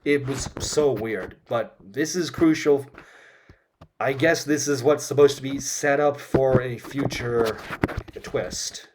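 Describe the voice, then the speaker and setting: A man talking through a film in a casual commentary, recapping scenes as he goes. He is opinionated and frank. His pitch sits in an ordinary middle range. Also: slow pace, background noise. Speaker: film reviewer.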